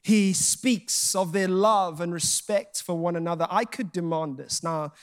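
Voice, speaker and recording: Guy preaching w a really high voice, jokey storytelling, acts out the convos. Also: a little slow, clear, resonant tone. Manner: animated storytelling, acting out quoted dialogue; jokey and self-mocking. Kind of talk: sermon.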